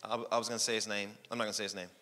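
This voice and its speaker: A man preaching a sermon as pastor, energetic and joking, with bursts of shouting. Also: on the low side, rapid-fire. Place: church sanctuary. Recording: long hall reverb.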